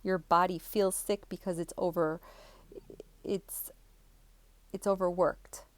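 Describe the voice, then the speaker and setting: A woman's voice: lowish voice, steady tone, takes it slowly, no echo. A woman vlogger telling a personal story to her viewers in a chatty, rambling way, with fillers and restarts. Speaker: spiritual vlogger.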